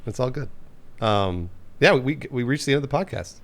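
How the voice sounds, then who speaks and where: A young man hosting a podcast, joking around in a relaxed way and restarting his sentences. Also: mid-range voice, fairly quick. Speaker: podcast host. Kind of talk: casual chat.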